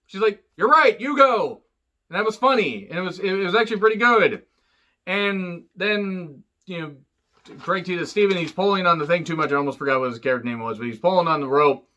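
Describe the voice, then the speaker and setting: A movie reviewer with a fairly high, bright, forceful voice gives a loose, offhand spoken recap of a film, talking a little fast. He rambles, swears freely, cracks jokes and fills gaps with "you know" and "uh," and his pitch jumps up when he acts out the characters' lines.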